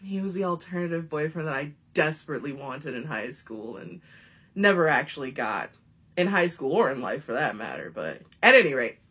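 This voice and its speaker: This is a woman in her thirties telling a funny story from her own life. Her voice is strongly husky and breathy, and her pitch leaps up and down as she gets animated. She swears casually and laughs often. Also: fairly quick. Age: 30s.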